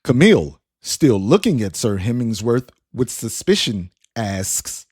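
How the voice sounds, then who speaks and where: Man narrating a story, expressive, slow, animated pitch, dry close sound. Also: slightly rough, no echo. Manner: unhurried, expressive reading.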